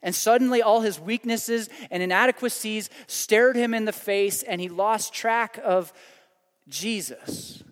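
A man, a pastor, telling a story dramatically in a sermon, with passages that swell and then fall to a hushed prayer. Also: high-pitched, a little slow, long reverb tail.

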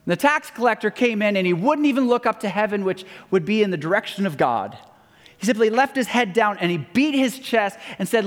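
A man's voice: sits high, sing-song, moderate pace. A man pastor giving a sermon, telling stories in a conversational way and acting out the voices of the people he quotes. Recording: long hall reverb.

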